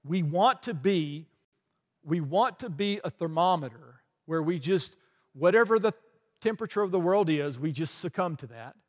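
A pastor preaching a lively sermon in a church, with rhetorical questions, asides and small laughs. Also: male voice, fairly high pitch, moderate pace. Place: church sanctuary. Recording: long hall reverb.

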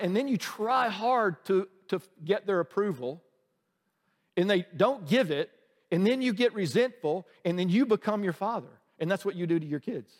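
Preaching to his congregation, a pastor with a high voice keeps the sermon light and conversational, cracking jokes and posing questions to the audience. The church sanctuary gives his voice a long, lingering reverb.

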